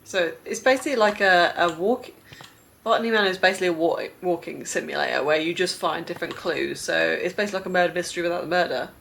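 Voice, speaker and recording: Young female gaming vlogger, lower-pitched, chatty, rambling commentary with giggles. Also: fast talker, creaky, a bit bright, a little hiss or hum. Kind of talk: casual gameplay commentary.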